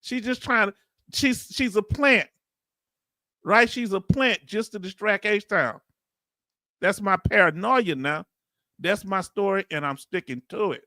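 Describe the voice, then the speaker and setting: A man's voice: high voice, unhurried, pauses often, sharp tone, no echo, clean studio sound. A middle-aged man, hosting a casual stream, joking and calling his viewers family. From United States. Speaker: YouTube host reacting to a hearing. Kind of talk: casual live-stream chat reading comments.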